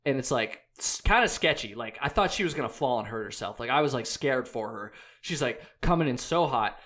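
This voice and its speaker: A young man tells a trail story in an easygoing, rambling way. He circles back, trips over restarts and leans on "like" every few words. He swears casually, and his voice sits at an ordinary middle pitch. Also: expressive, fairly quick, fairly bright tone. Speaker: hiker and podcast guest.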